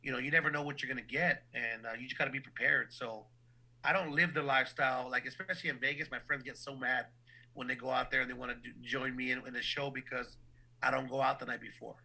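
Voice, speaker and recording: A man's voice: medium pitch, fairly even intonation, fast, bright, forceful tone, poor audio. A man who works as a boxing ring announcer, talking casually and animatedly in an interview, often repeating words as he starts a thought.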